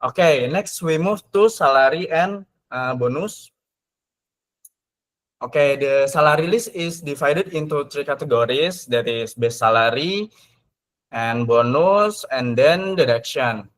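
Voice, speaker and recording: A man's voice: a little high, lively intonation, measured pace. Man presenting updates, tagging lines with "ya". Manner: tags sentences with "ya", many fillers. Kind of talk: casual screen-share presentation. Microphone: video call.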